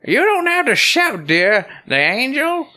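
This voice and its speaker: A man voicing a fussy, scolding old grandmother in a high, drawn-out voice. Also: big pitch swings, sharp tone, full character voice.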